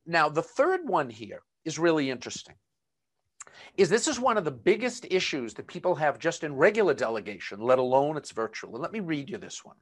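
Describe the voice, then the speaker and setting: Man with a Boston accent, fairly high. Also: big pitch swings, brisk. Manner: conversational, many fillers and asides. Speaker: webinar presenter. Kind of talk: live webinar lecture.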